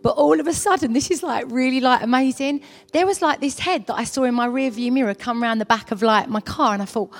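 A woman's voice: sits high, quick pace, hardly any pauses. Earnest woman sharing testimony. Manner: earnest, chatty storytelling with many fillers. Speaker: church member giving testimony. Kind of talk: personal testimony. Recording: long hall reverb.

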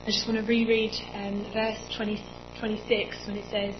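A woman in her twenties preaching in a church, telling a personal story in a chatty, animated way with lots of quoted dialogue. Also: mid-range voice, moderate pace, lo-fi sound, background noise. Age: 20s.

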